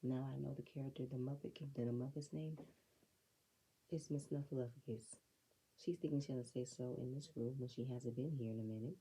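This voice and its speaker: A woman's voice: very deep voice, steady tone, fairly quick, warm tone, breathy edge, poor audio. A woman giving a casual, blunt, opinionated recap of a reality show episode, with sassy asides. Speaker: reality TV reviewer.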